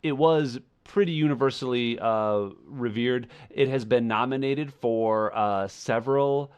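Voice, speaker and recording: Man, podcast co-host, casual chat, thinks out loud, measured. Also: medium pitch, clear, resonant tone, highs cut off.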